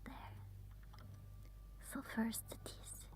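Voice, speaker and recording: A woman whispering as an ASMR streamer, chatting softly and haltingly with her viewers. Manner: halting, with many fillers. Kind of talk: whispered ASMR livestream chat.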